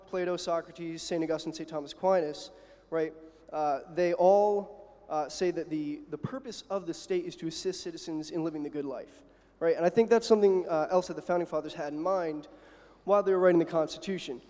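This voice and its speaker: A man delivering a debate floor speech in a university hall. He talks haltingly, fills gaps with "uh" and "um" and keeps tagging his points with "right?". His voice sits a little high for a man, and a long hall reverb trails every phrase. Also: a little mellow. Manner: halting, many fillers, tags "right?". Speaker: student debate speaker.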